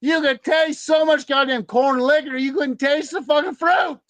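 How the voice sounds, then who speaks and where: High-voiced man ranting with constant swearing. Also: fairly even intonation, moderate pace, fairly bright tone, dry recording. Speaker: podcast co-host, moonshiner. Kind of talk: profane casual storytelling.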